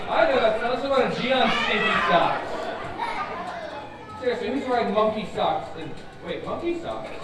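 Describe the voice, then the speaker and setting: Male kids' magician, bouncy sing-song patter, mock-shocked asides; distant echoey live take with a crowd. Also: extremely high pitch. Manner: playful, animated, chanting and mock-surprised. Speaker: children's magician. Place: live show at an orchard.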